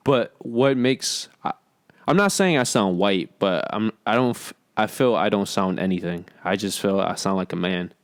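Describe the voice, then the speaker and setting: A man's voice: lowish voice, normal speed, no echo, studio quality. A young man from New York co-hosting a podcast, earnestly explaining his opinions in casual chat. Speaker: podcast co-host.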